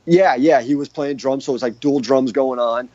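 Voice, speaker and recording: A man in a casual interview spins a long, rambling story full of restarts and fillers. His voice sits at an ordinary pitch. The sound is dull and dry, with no room around it. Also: moderate pace, darkish tone, no room sound. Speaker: guest guitarist.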